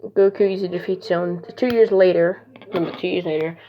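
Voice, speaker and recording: A woman's voice: fairly low pitch, steady tone, a little fast. A woman casually telling an improvised fan story, rambling with lots of "he's like" and restarts. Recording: dull lo-fi recording.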